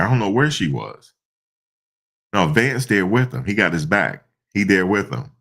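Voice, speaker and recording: A man giving casual, slangy reaction commentary, animated and repeating himself, often breaking into laughter. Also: low voice. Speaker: online commentator.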